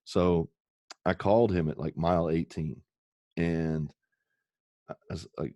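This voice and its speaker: A very deep-voiced man talks candidly and with feeling, swearing now and then as he tells personal stories. The sound is dry and close, with no room around it. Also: fairly even intonation, moderate pace, pauses often, warm tone, no echo. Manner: earnest, emotional, swears casually. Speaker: podcast guest. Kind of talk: candid podcast storytelling.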